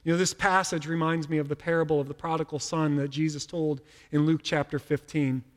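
Brisk and with little movement in pitch, a middle-aged male pastor gives an informal sermon, stumbling over and repeating words as his thoughts begin. His voice is slightly high for a man, and the large hall adds a long reverb after each phrase.

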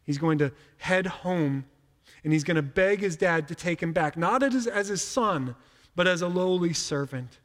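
A middle-aged male pastor delivers a sermon in a loose, conversational manner, stumbling over and repeating words as he starts his thoughts. His voice sits a little high for a man, and a long reverb from the large hall trails after each phrase. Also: expressive, normal speed, fairly bright tone.

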